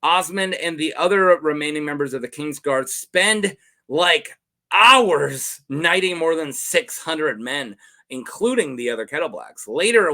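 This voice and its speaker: Lively, bright-voiced man cracking jokes. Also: on the high side. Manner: jokey asides, quick self-corrections. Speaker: lore video host. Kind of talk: casual lore commentary.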